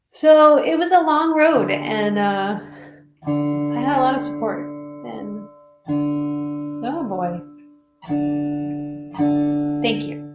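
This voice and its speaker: A woman musician chatting casually between songs on a livestream, halting and full of fillers and restarts. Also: fairly high pitch, creaky. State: tearful. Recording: roomy sound with faint guitar.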